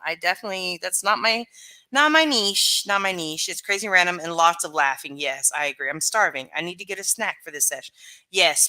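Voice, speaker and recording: A woman's voice: fairly low pitch, pushed and bright. A woman live streamer chatting casually with her viewers, rambling and full of fillers.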